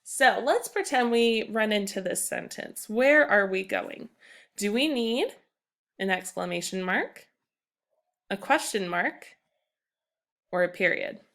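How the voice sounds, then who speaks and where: A woman's voice: medium pitch, expressive, slow, gravelly, long pauses, fairly bright tone. A young woman teacher giving an upbeat, emphatic recorded grammar lesson to her class. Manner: upbeat, emphatic classroom delivery, reads examples aloud.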